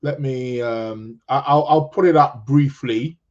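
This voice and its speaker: A man's voice: mid-range voice, a little slow, a little mellow, highs cut off. Rambling, jokey male podcast host. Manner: rambling, jokey, self-interrupting. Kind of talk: casual live-stream chat, reading viewer comments.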